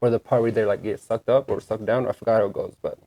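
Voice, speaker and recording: A man's voice: on the low side, fast talker, vocal fry. A young man co-hosting a podcast, chatting casually and animatedly, filling his talk with "like". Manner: animated, rambling, heavy use of "like". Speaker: podcast co-host. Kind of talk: casual chat.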